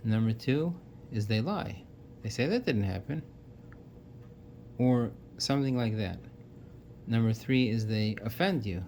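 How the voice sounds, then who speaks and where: Earnest low-voiced man explaining. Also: lively intonation, measured pace, pauses often, a little mellow, slight background noise. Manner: earnest, listing points with frequent restarts. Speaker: self-help speaker. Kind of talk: casual explanatory monologue.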